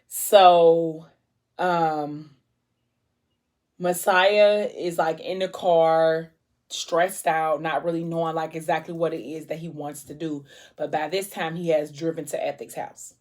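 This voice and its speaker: Animated woman retelling a story. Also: low-pitched, slow pace. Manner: animated storytelling, acting out characters' lines. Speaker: vlogger. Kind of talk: casual mukbang chat retelling a novel. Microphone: camera mic.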